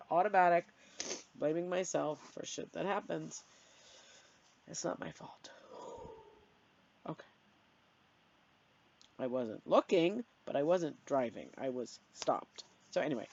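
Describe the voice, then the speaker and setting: A woman's voice: a little mellow, no room sound. Tearful middle-aged woman venting on camera. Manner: emotional, venting, self-deprecating with sudden high outbursts. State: tearful, blowing her nose. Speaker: vlogger. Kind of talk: candid personal vlog. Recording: dry, dull lo-fi sound.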